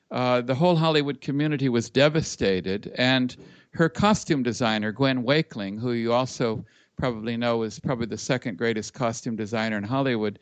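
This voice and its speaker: A man from Los Angeles, a guest musician and speaker, telling a story over a video call in a measured way. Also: mid-range voice, no echo. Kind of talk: storytelling in an interview.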